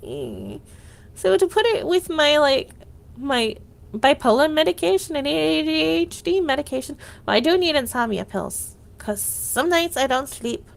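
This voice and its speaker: High-voiced woman venting on a livestream. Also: very animated, unhurried, gravelly. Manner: rambling, fillers of "like", restarts. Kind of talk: casual venting monologue.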